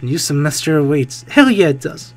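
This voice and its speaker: A young man with a slightly high voice reacts to a visual novel in a joking let's play. He talks excitably, jumps into loud reactions and swears freely. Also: fairly quick. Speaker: gaming video host.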